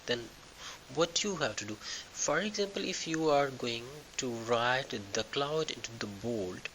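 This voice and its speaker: A man walking through a screen-recorded software tutorial, thinking aloud with halting restarts and fillers. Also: mid-range voice, a little hiss or hum, poor audio. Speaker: tutorial instructor.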